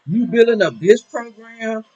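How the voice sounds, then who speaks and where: A high-voiced man preaches his point in a casual talk, husky and emphatic, his pitch swinging widely. The recording sounds dull and lo-fi. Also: lively intonation, a little slow, mellow. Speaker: minister. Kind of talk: casual talk show discussion.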